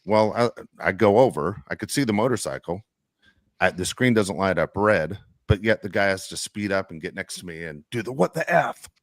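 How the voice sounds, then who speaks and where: Brief: low-pitched male podcast co-host, heated profane rant, dry sound. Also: moderate pace, no echo. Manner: heated, profane, repeats "dude".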